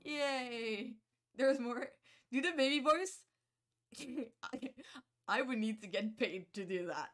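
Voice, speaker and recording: A woman live-streaming a video game, chatting casually with her viewers in a playful, giggly, self-mocking way and reacting loudly to the screen. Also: fairly high pitch, takes it slowly. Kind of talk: casual live-stream chat while gaming.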